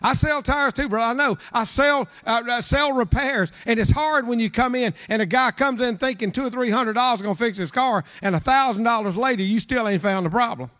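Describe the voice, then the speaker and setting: A man's voice: very high-pitched, fairly quick, few pauses, fairly bright tone. A man pastor giving informal closing remarks at a church service, talking in a rambling way full of stumbles and repeated words.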